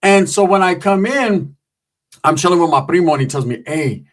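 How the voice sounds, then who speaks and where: With a brisk delivery, a man recounts a humorous story in a relaxed, foul-mouthed, slangy manner, putting on squeaky voices for quoted lines.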